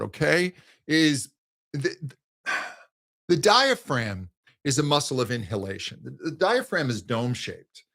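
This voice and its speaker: During a live Q&A on singing, a man with a medium-pitched, creaky, fairly bright voice explains his points. He is thoughtful, often restarting phrases, and bursts into sung exercises.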